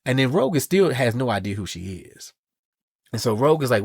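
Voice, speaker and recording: A man co-hosting a podcast, casually recapping a comic book story in a sassy, animated way. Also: medium pitch, brisk, slightly rough, no echo, clean studio sound. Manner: animated and sassy, reads quotes in voices. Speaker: podcast co-host.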